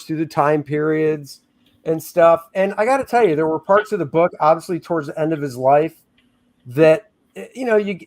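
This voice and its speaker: Joking man chatting on a livestream. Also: fairly high pitch. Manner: joking, reads chat comments aloud. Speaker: comic artist hosting a livestream. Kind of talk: casual livestream chat.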